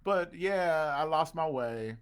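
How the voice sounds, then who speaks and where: A man's voice: on the high side, animated, takes it slowly, clear, resonant tone. A man, a pastor hosting an online show, talking casually with his congregation and calling out to viewers by name, with preacher-like swells. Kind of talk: casual livestream talk with a congregation.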